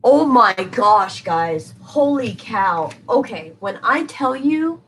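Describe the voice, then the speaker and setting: A woman's voice: on the high side, big pitch swings, slow pace, fairly bright tone, poor audio. A woman giving a live-stream tarot reading, talking casually and emphatically to her viewers and answering their comments as she goes.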